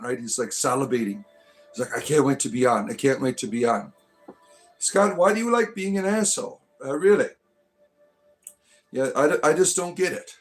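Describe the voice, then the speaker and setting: Chatty, irreverent male livestream host. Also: mid-range voice. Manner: rambling and chatty, keeps tagging on "right?"; irreverent, swears casually. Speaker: livestream host, self-styled bard. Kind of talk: casual livestream chat greeting viewers.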